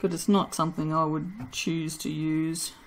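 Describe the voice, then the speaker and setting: A soap maker chats casually in a vlog while making and cutting soap, sounding tired, poking fun at herself and laughing often. Her voice is deep and creaky, her delivery flat and her pace moderate.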